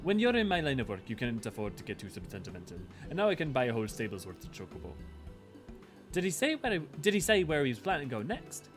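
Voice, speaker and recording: A man's voice: mid-range voice, huge pitch swings, quick pace, faint music behind. Man reading as a breezy chocobo merchant. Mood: offhand.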